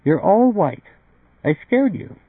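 A man's voice: sits high, very animated, slow pace, slightly rough, dry recording, narrow, tinny audio, voice pushed up, exaggerated voice. A man putting on a blunt young woman's voice. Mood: pert.

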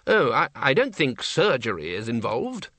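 A man's voice: medium pitch, wildly swooping pitch, normal speed, a bit bright, dry recording. A man voicing a cheerful, dotty male wizard bursar who rambles happily, in a storybook reading. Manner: happy, rambling.

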